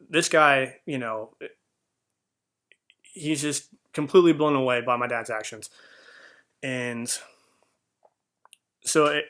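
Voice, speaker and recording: Earnest young guy vlogging a heartfelt story, lots of ums and restarts, pretty bright tone. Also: medium pitch. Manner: earnest, rambling with fillers and restarts.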